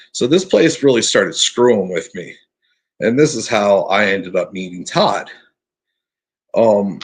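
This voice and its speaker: Husky-voiced man telling a spooky story. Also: medium pitch. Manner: earnest, halting, restarts often. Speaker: podcast guest telling his encounter story. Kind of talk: casual storytelling.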